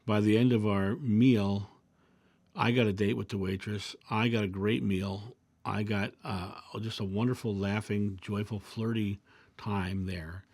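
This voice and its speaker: Gravelly low-voiced man telling stories. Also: measured pace, no echo. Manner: reflective, anecdotal, calm. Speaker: video host. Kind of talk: casual storytelling monologue.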